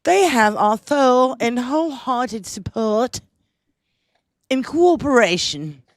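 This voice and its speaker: A woman's voice: a little high, animated, no echo, studio quality. A woman putting on a pompous royal with a fake English accent. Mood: mock-solemn. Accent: put-on English accent. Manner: slow, mock-solemn official reading. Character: a stiff royal reading a formal palace statement.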